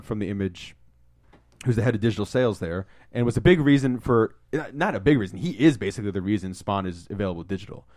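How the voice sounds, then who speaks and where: A man co-hosting a podcast, telling stories in a casual, excitable way and swearing freely. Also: lowish voice. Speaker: podcast co-host. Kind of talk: casual storytelling.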